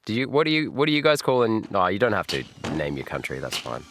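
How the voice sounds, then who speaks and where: An Australian man hosting a live reaction stream, jokey and laughing often. His lowish voice swings widely in pitch, and the sound is dry and close. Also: big pitch swings, fast, fairly bright tone, dry recording.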